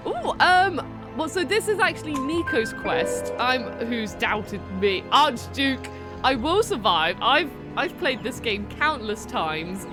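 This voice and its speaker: A woman's voice: high voice, sing-song, slow pace. Chatty woman streamer over game music. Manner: chatty, playful, reads chat aloud and talks to the game. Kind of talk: casual live game commentary.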